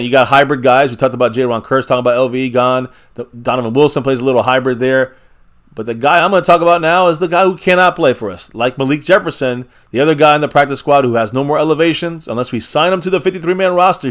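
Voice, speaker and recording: A man's voice: mid-range voice, fast talker. Chatty man hosting a fan live stream. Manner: chatty, reads viewer comments aloud, energetic. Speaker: fan livestream host. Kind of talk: casual live-stream commentary.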